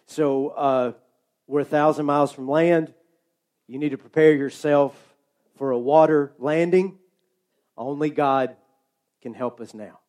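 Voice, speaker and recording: A man voicing a calm airline pilot making a steady, measured announcement over the cabin PA. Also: on the high side, lightly acted.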